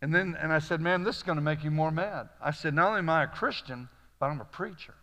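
A man preaching to a live audience, telling folksy stories with a Southern "y'all" and lively, animated delivery. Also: fairly high pitch, fast talker, long reverb tail. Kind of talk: storytelling sermon.

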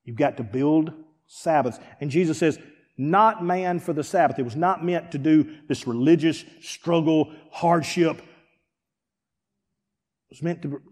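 A pastor preaching a sermon, swinging from hushed, quiet lines to near-shouted ones. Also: male voice, a little high. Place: church sanctuary. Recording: long reverb of a large hall.

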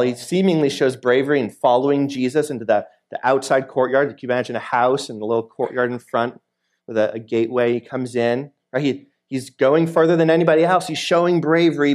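Medium in pitch and a little mellow, this man is a guest preacher delivering a conversational sermon. He poses questions to his listeners, reads from scripture, and acts out its scenes by taking on the voices of the people involved.

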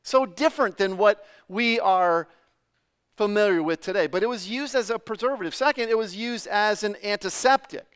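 A man's voice: sits high, normal speed, a bit bright, clean tone. A middle-aged man from New England preaching a sermon in a loose, conversational way, full of fillers and questions to the congregation. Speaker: pastor.

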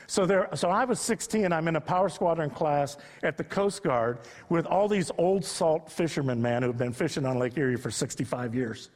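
A man preaching a sermon, telling stories and rising to emphatic peaks. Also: a little high. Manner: storytelling preacher, builds to loud emphatic peaks. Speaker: pastor. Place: church sanctuary. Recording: long reverb of a large hall.

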